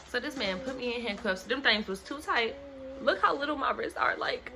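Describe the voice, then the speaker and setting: A young woman vlogger telling a story to camera in a casual, animated way, acting out what other people said. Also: high voice, normal speed, background noise. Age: young adult. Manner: animated, dramatic retelling that acts out other people's lines. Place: home.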